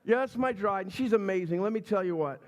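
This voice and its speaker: A middle-aged man preaching a sermon as a pastor, telling stories in a chatty, animated way and acting out the people in them. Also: high voice, a little fast. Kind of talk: sermon storytelling. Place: church sanctuary.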